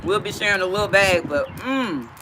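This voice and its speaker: A woman's voice: medium pitch, expressive, normal speed, noisy background. A woman hosting a casual livestream from outdoors, chatting directly with her viewers. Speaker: livestream host.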